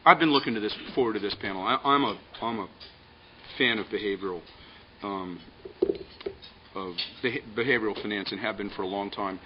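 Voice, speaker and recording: A man moderating a panel before an audience, telling a joke and introducing speakers in a relaxed, halting way. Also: on the low side. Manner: relaxed, with frequent ums and restarts. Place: conference room with an audience. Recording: dull lo-fi audio with faint hiss.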